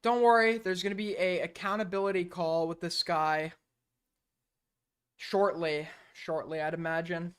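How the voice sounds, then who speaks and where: A man's voice: high voice, steady tone, measured pace, fairly bright tone, clean tone. A sleep-deprived male streamer reacting casually to clips, profane, exasperated and rambling.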